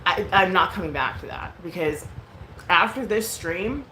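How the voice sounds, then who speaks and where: A vlogger in her thirties tells a story as a casual rant, frank and profane and full of fillers. Her lowish voice is animated, unhurried, pushed and bright. The echoey room carries clear background noise.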